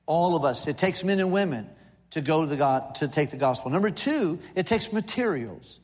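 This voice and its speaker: A man's voice: fairly high pitch, animated, moderate pace, in a large hall. A man in his sixties preaching a sermon in a church, folksy and humorous, with lists and playful asides. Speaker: visiting missionary preacher. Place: church sanctuary.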